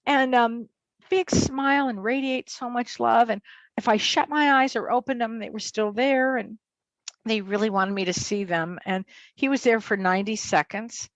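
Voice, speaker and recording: A woman, a psychotherapist, telling a personal story in a talk-show interview, animated and acting out voices. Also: moderate pace, no room sound. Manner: animated, acts out quotes in high voices. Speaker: psychotherapist and medium guest.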